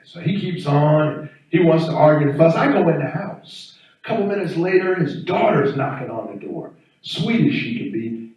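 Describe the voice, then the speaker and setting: A man performing a stand-up comedy set, telling stories in an animated way. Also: moderate pace, lo-fi sound. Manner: animated storytelling, swinging up and down in pitch. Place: event hall on campus. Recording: echoey room, distant mic.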